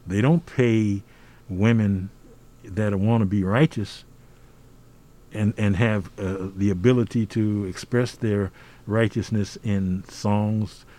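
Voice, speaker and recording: Lowish and mellow, with fairly even intonation, this older man from the United States talks slowly as a guest in a conversational podcast interview. He's emphatic and preacherly, frequently adding "see?".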